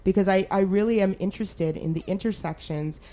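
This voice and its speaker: Canadian woman co-host, young adult, casual candid chat, medium pitch, stretches words for emphasis. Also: a little fast, mellow. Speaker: podcast co-host.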